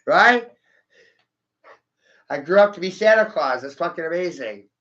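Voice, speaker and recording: A man's voice: a little high, animated, measured pace, sharp tone, dull audio. A man rambling through a vlog monologue, cursing, taunting his viewers and laughing at his own jokes.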